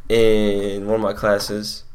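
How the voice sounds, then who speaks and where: A teenage man telling a story in a slow, crude, laughing way as a podcast co-host. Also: fairly low pitch, monotone, darkish tone, smooth. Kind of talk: casual chat.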